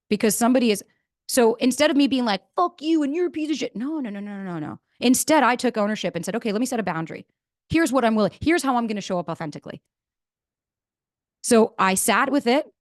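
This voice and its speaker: A woman, giving a blunt, animated motivational talk as a podcast host and swearing freely. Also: fairly high pitch, fast, no room sound, clean studio sound.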